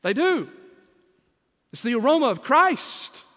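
A male pastor with a high-pitched voice preaches with emphatic force, dropping low and quiet before rising into loud bursts. His voice rings with the long reverb of a church sanctuary. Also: very animated, slow. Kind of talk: sermon.

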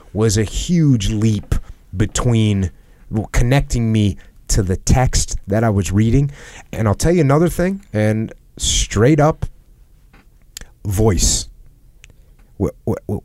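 A podcast host with a fairly low, mellow voice talks earnestly in a reflective conversation, repeating phrases for emphasis. He uses a headset microphone, and there's no echo.

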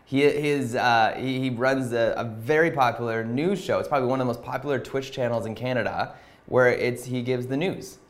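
A man with a mid-range voice hosts a podcast in a relaxed, casual way. He sounds friendly and often chimes in to agree. His speech is plain and conversational. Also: mid-range voice, normal speed. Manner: friendly, frequent affirmations. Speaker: podcast host.

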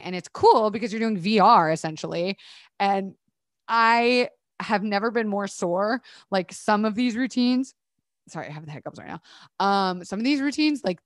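A woman's voice: medium pitch, dry recording. A young woman hosting a casual solo podcast, chatty and bubbly, swearing freely as she rambles. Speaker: podcast host.

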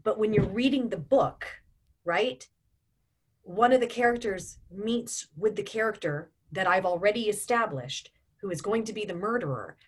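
A woman's voice: mid-range voice, expressive, normal speed, breathy edge. A woman in her forties, an audiobook narrator and voice actor, talking in a chatty interview with frequent ums and restarts. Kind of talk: casual interview chat.

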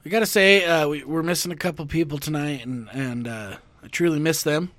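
Man, podcast host, fairly high voice, friendly. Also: fairly quick, fairly bright tone, dry recording. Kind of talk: casual chat.

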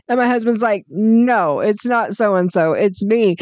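A woman's voice: fairly high pitch, moderate pace, hardly any pauses, no room sound. A woman co-hosting a podcast, telling stories in a casual chat, laughing often and swearing freely. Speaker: podcast co-host.

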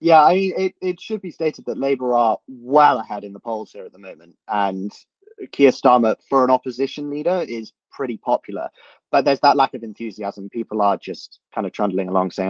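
A man's voice: medium pitch, moderate pace, no echo, dull audio. A man in a political discussion, who talks thoughtfully and repeats words as he works out his points. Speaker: guest commentator.

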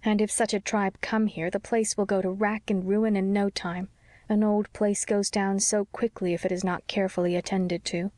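A woman's voice: mid-range voice, flat delivery, normal speed, mellow, no room sound, clean studio sound, lightly acted. A woman reading the part of a heartbroken young wife in an audiobook, speaking tearfully and wistfully.

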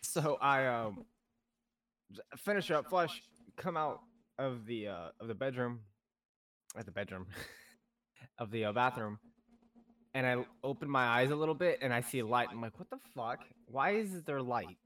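A young man co-hosting a podcast, telling stories in a casual, animated way, swearing often and acting out what people said. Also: medium pitch, a little slow, pauses often. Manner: animated storyteller, swears a lot, acts out quotes. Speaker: podcast co-host. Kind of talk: casual chat.

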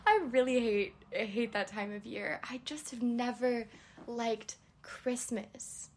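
A woman's voice: fairly high pitch, fairly even intonation, slow pace, a little hiss or hum. A young woman hosting a podcast, chatting casually on her own in a rambling way and laughing often. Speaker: podcast host. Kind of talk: casual solo chat.

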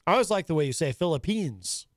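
A man's voice: fairly high pitch, animated, fast, dry recording, studio quality. A man hosting a live talk radio show, teasing his co-host and laughing easily. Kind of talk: casual talk radio banter. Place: radio studio.

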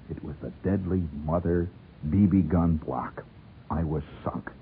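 A man telling a wry, lively first-person story, playing the people in it as he goes. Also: low-pitched, normal speed. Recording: tinny old radio broadcast with faint noise.

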